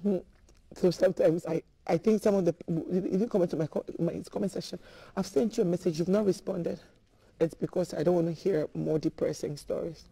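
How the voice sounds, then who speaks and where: Woman crying as she talks, gravelly dark voice, dry close sound, keeps stopping mid-sentence. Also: lowish voice, steady tone, fairly quick, no room sound, rough recording. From Ghana. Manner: tearful, breaking off mid-sentence. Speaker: guest. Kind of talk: emotional interview talk.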